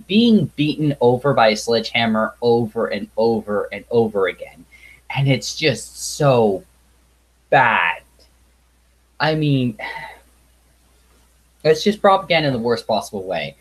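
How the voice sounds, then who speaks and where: A man's voice: mid-range voice, expressive, slightly rough, poor audio. A man talks straight to the camera in an exasperated, blunt rant. He sighs often, swears freely and trips over restarts as he repeats himself. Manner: halting restarts and repetition. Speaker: video reviewer. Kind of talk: ranting review monologue.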